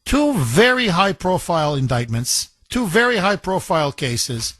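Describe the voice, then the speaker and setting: A man's voice: on the high side, sing-song, unhurried, fairly bright tone, no room sound. A man hosting a call-in talk radio show, emphatic and combative, joking with his callers. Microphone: studio microphone.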